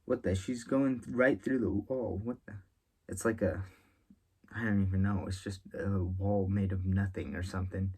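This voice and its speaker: A man's voice: sits low, steady tone, normal speed, warm tone, slightly rough. A man reading a manga chapter aloud as a reviewer, rambling and correcting himself as he reacts. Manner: rambling, musing aloud with frequent filler and self-correction.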